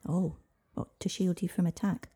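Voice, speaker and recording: A woman voicing an earnest, brave young woman who speaks softly and often in a whisper, in a husky storybook reading. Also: on the low side, steady tone, moderate pace. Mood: concerned.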